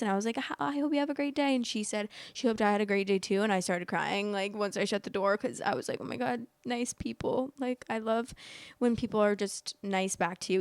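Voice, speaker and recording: In a dry recording, a young woman with a smooth, mid-range voice hosts a laid-back storytelling vlog. Her talk wanders and is packed with "like," and she becomes teary and emotional while recounting it.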